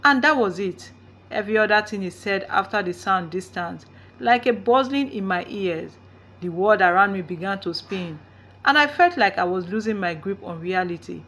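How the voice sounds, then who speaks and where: A woman's voice: mid-range voice, normal speed. Dramatic woman storyteller. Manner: dramatic, expressive reading. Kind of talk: first-person folktale narration.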